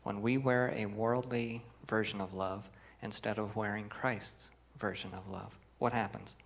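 Low, gravelly-voiced male pastor preaching. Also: fairly even intonation, a little slow. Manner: earnest, asks the congregation questions and reads scripture with emphasis. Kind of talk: sermon.

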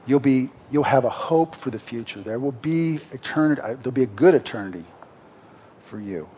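A man's voice: mid-range voice, lively intonation, brisk, mellow, a little hiss or hum. A man preaching a sermon, explaining a Bible passage in a conversational way and rising emphatically when he reads the verses.

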